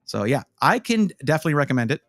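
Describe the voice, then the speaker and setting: A man's voice: a little high, very fast, dry recording. A man chatting casually on a live stream, reviewing gaming PC parts and rambling as he answers his chat. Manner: animated, rambling, talks to chat.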